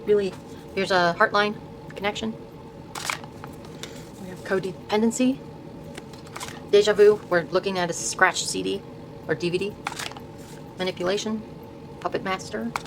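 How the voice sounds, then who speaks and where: An older woman hosting her own video, softly showing tarot decks and reading card names aloud, often trailing off and restarting words. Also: medium pitch, noisy background. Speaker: host showing her tarot deck collection. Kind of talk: soft-spoken casual deck walkthrough.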